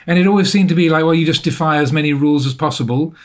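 A man telling a personal story as an interview guest, thoughtful and self-deprecating, often pausing to rephrase. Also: a little high. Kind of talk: reflective storytelling.

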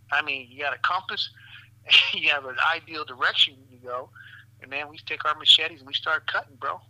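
A man, a physician guest, telling stories in an animated, profane way, laughing often and calling the listener "man" and "brother". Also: a little high, moderate pace, no echo, rough recording. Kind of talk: animated storytelling in a podcast interview.

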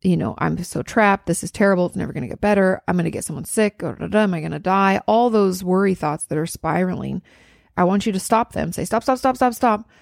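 A woman in her thirties talks a listener through coping advice, earnest and reassuring, with casual swearing. Her voice sits low and has a gravelly fry. The sound is dry and close, with no room around it. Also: quick pace, no echo. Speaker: therapist answering a listener. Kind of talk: advice podcast.

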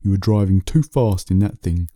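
A man voicing a calm, wise male lion who speaks gently and with quiet amusement in a bedtime story. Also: low-pitched, dry recording, clean studio sound, lightly acted. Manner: calm, unhurried, gently teasing.

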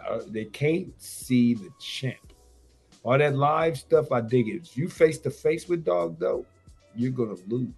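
A radio guest brags loosely about his fighting and betting, rambling in profane slang. His mid-range voice is unhurried, creaky, darkish and slightly rough, with faint music behind him.

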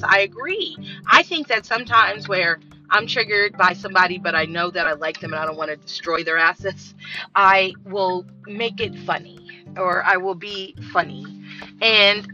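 In a dull, lo-fi recording with faint music in the background, a woman hosting a podcast delivers a blunt, profane monologue packed with animated storytelling. Her mid-range voice comes across sharp and very bright.

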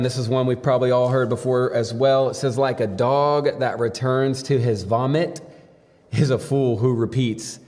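A man's voice: mid-range voice, a little mellow. A young man giving a devotional sermon as a pastor, talking casually and telling stories with many fillers. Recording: long hall reverb.

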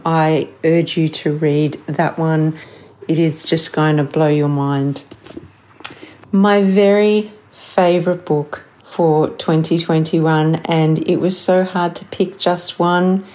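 A woman's voice: lowish voice, darkish tone. Gushing woman reviewing books. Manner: earnest and gushing. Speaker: book reviewer. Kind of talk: book review monologue.

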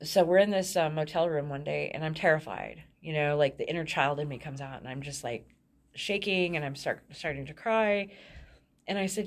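Low-voiced woman, frank storyteller. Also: moderate pace. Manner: frank, laughs often mid-sentence. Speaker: guest telling her life story. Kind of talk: candid personal storytelling.

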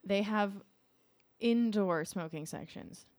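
A woman's voice: mid-range voice, slow pace, a little mellow, dry recording. A woman co-hosting a podcast in casual chat, talking in a laughing, chatty way. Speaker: podcast co-host.

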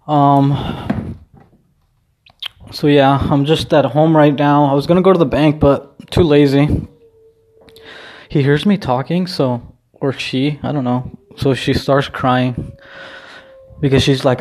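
A man's voice: medium pitch, fairly even intonation, slow pace, long pauses, darkish tone. A man vlogging from home in a casual, rambling chat, full of restarts and easy swearing. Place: at home, indoors.

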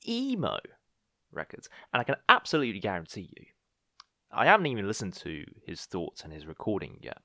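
A man's voice: low voice, sing-song, fast talker, bright, forceful tone, dry recording, studio quality. A man hosting a podcast, talking casually in a rambling, self-mocking, jokey way. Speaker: podcast host.

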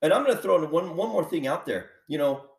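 A man's voice: fairly high pitch, expressive, fast talker, echoey room, recorded from a distance. A man hosting a podcast, delivering a heated political monologue full of repeated rhetorical questions. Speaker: podcast host.

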